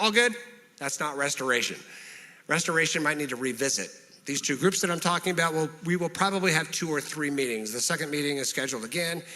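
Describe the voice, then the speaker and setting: A man delivers a sermon from a church stage, his voice bright and forward at a middling pitch. He talks calmly and conversationally, slipping into short example quotes, and a long reverb from the sanctuary trails each phrase. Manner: calm, conversational preaching with acted-out example quotes. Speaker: pastor.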